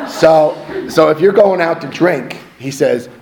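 A middle-aged man giving a personal testimony to a recovery meeting, swinging between hushed and loud and laughing at himself. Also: fairly high pitch, a little slow, hardly any pauses. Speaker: recovery speaker.

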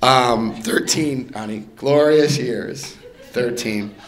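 Rambling, joking middle-aged man telling stories. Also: takes it slowly. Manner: joking, chatty, rambling with many fillers and restarts; jumps into high put-on voices when quoting others. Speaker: speaker sharing his story at a recovery meeting. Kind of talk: humorous personal storytelling to an audience.

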